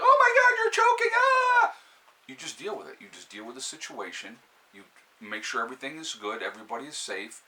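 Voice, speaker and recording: Calm, bright-toned New York man. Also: medium pitch, poor audio. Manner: calm, steady advice with frequent fillers and restarts. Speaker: prepper channel host. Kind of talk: casual live-stream talk to viewers. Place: indoors by a fire, with a cat nearby.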